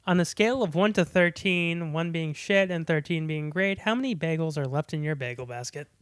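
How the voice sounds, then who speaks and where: A woman's voice: sits low, brisk, clean tone, no room sound. A woman co-hosting a casual movie review podcast, telling stories with lots of laughter. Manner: animated storyteller who acts out quotes, laughs often. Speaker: podcast co-host.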